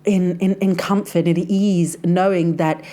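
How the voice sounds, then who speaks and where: A woman's voice: fairly low pitch, steady tone, a little slow, dark tone. A woman hosting a casual faith podcast, chatty and confiding, talking straight to the listener like a friend. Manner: chatty and confiding, addresses listener as sis, frequent "like". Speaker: podcast host and life coach.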